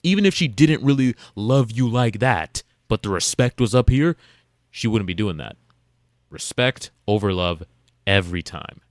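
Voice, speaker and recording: A man's voice: medium pitch, lively intonation, moderate pace, no room sound, clean studio sound. A man hosting a reaction video, talking bluntly and emphatically as he lectures other men. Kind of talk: casual commentary to the camera.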